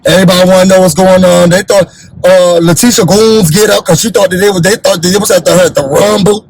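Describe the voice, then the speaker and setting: A man hosting a reality TV recap in an animated, blunt, sassy way, acting out what the cast said. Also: high voice, quick pace, rough recording. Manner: sassy, blunt, acts out quoted cast members.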